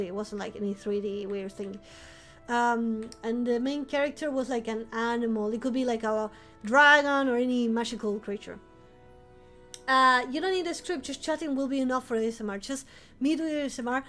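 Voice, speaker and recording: High-pitched woman w rambling on stream, lots of restarts n laughs. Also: fairly even intonation, normal speed, fairly bright tone, soft background music. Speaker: vampire-themed streamer. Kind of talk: casual live-stream chat.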